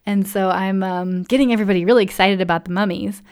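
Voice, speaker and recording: A chatty woman hosting a podcast, telling a travel story with animated energy. She laughs often and acts out the people she quotes with quick changes of voice. Her voice sits at an everyday middle pitch for a woman. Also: smooth. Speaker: podcast host.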